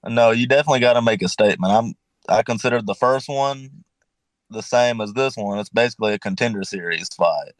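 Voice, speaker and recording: Male fighter with a Louisiana Southern accent, mid-pitched, dry close sound, confident and easygoing. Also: brisk, dry recording. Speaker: fighter, interview guest. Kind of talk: casual interview answers.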